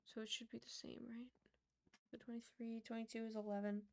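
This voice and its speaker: Young female streamer with a slightly high, creaky voice; chatty and relaxed, mutters while she works. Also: brisk. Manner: mutters and counts under her breath, chatty storyteller. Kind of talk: casual chat while building in a game.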